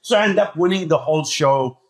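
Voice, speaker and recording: A man telling a story as a podcast guest, talking excitedly and acting out what people said. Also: a little high, brisk. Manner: acts out quoted dialogue, excitable. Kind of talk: animated storytelling.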